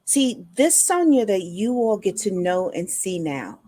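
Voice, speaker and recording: A woman's voice: mid-range voice, very animated, unhurried, warm tone, no echo. An earnest woman shares her personal story as a podcast guest. She speaks like a motivational speaker, with a mid-range voice. The recording is dry and close. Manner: earnest, acts out remembered dialogue.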